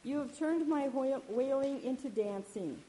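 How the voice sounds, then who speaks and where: A woman reading scripture aloud at a church service, measured, with small slips and restarts. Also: high-pitched, warm tone. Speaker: lector.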